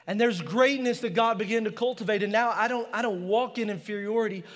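A man's voice: high voice, a little fast, big-room sound. A male pastor preaching a passionate sermon in a church, mixing personal stories with scripture.

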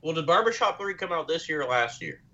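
A man's voice: on the high side, very animated, fast, bright, forceful tone, muffled recording. A man rambling through a casual movie review, slipping in and out of joking accents. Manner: rambling, slips into mock accents. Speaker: podcast co-host.

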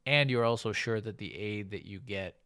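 A man co-hosting a podcast in casual chat, animated and quick to laugh, trailing off into fillers. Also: lowish voice, no echo, studio quality. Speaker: podcast co-host.

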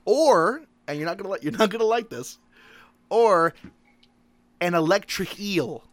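A man's voice: high-pitched, expressive, a little slow, a bit bright. A young man co-hosting a podcast, trading crude jokes in loose, casual banter and swearing freely. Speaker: podcast co-host.

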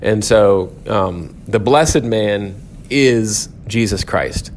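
A man with a lowish voice gives a relaxed Bible lecture to his church. He talks in a loose, conversational way, often restarting his sentences and checking in with "okay?". A faint hiss of noise sits under the recording. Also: very slow. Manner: conversational, self-correcting, frequent "um" and "okay?". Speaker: church teacher.

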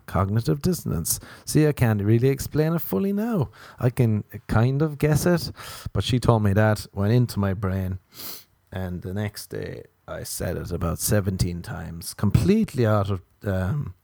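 A man's voice: lowish voice, animated, moderate pace, gravelly, dark tone, dry recording. An Irish man from Ireland doing a rambling, self-mocking comic monologue. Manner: self-mocking, wandering asides. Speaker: comedian.

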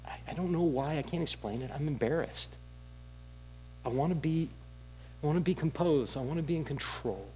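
A man preaching a sermon in a candid, conversational storytelling way, with halting restarts. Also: on the high side, darkish tone, slight background noise, poor audio. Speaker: pastor.

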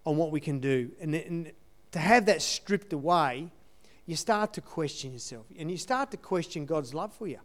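A man's voice: a little high, lively intonation, normal speed, few pauses. A man giving a conversational sermon testimony in an earnest way, repeating his key phrases. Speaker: church speaker sharing testimony.

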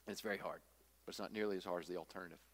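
Bright-voiced man preaching in a hall. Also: sits low, fairly even intonation, racing. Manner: emphatic, repetitive, folksy humor. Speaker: pastor. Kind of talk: sermon.

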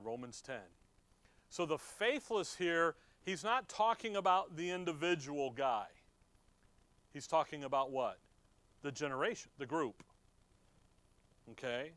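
A man's voice: a little high, a bit bright, no echo. A middle-aged man teaching from the Bible in a conversational way, reading verses aloud and asking his listeners questions. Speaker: preacher.

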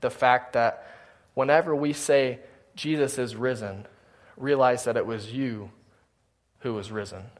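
A man's voice: medium pitch, a little slow. Earnest man preaching a sermon. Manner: earnest preaching with scripture reading. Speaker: pastor. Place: church sanctuary.

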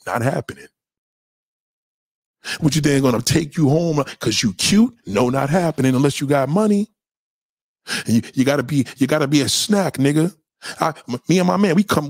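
Husky-voiced man ranting on a livestream. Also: high-pitched, darkish tone, no echo, clean studio sound. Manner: heated, repetitive, profane, street slang. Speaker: livestream host answering chat. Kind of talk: casual livestream rant.

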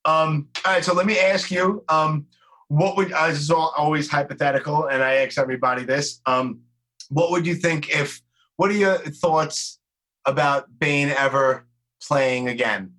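Podcast host: bright-voiced man, a bit high, eager and agreeable. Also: rough recording. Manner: eager, agreeable, quick affirmations. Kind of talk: casual interview.

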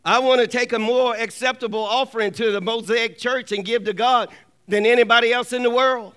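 A man preaches with a high, ringing voice that stays smooth and clear. He works the congregation with call-and-response, pressing for an amen. He drives his points home by saying them twice. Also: fairly even intonation, fairly quick, fairly bright tone. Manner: repeats key lines for emphasis. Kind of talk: sermon.

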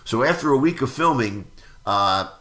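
A man's voice: mid-range voice, normal speed. Older man telling a screenwriting story. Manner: rambling, many fillers and restarts, lively acted-out quotes. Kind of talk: anecdotal interview storytelling.

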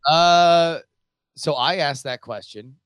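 A man's voice: fairly high pitch, takes it slowly, fairly bright tone, smooth, dry recording. A man co-hosting a casual movie chat, rambling with lots of fillers and restarts. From United States. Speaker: podcast co-host.

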